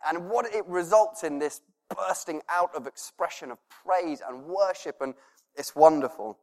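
A man's voice: on the high side, a little slow. Earnest preacher man in a reverberant hall. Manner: earnest, laughs softly, drops to a hush for prayers. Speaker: pastor. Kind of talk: sermon.

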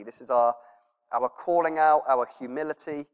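Guy preaching a sermon, earnest, soft laughs, hushed prayer bits, echoey church hall. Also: medium pitch, steady tone, moderate pace, clean tone. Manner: earnest, laughs softly, drops to a hush for prayers. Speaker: pastor.

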